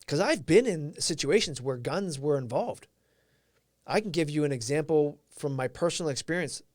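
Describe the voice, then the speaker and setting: A man's voice: a little high, animated, normal speed, darkish tone, no room sound, studio quality. A man whose first language is Portuguese, hosting a live stream and giving an earnest, reflective motivational talk while answering viewers' comments.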